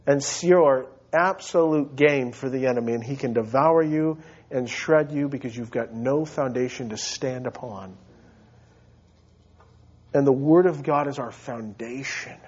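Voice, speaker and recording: A male pastor preaching a sermon emphatically, rising to loud high peaks and dropping low and quiet. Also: unhurried, breathy edge, muffled recording.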